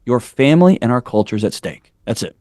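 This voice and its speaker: A man's voice: mid-range voice, very animated, fast, a little mellow, slight background noise. A man in his forties, a podcast guest, talking candidly and bluntly, building his points up with preacher-like fervor. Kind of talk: candid interview storytelling.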